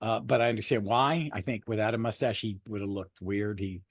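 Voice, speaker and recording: A man co-hosting a podcast, chatting casually about a superhero movie, rambling and swearing freely with animated bursts. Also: fairly low pitch, brisk, dry recording, studio quality. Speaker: podcast co-host. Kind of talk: casual movie review chat.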